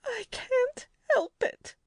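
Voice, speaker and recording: A woman's voice: on the high side, very animated, takes it slowly, dry recording, studio quality, pitched above the performer's own voice, exaggerated voice. A woman reading an audiobook, voicing a flustered middle-aged matron who whimpers and sighs. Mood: distressed. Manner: breathless, whimpering and sighing.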